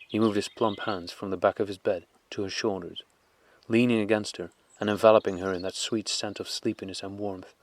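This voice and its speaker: A man narrating a classic novel as an audiobook in a measured, calm, unhurried way. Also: on the low side.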